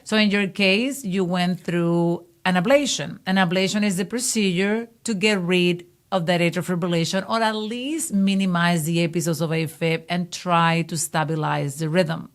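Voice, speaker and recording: A woman who hosts the podcast as a cardiologist, interviewing a patient and explaining things clearly for her listeners. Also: lowish voice, normal speed, few pauses. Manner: explains clearly, steering the conversation.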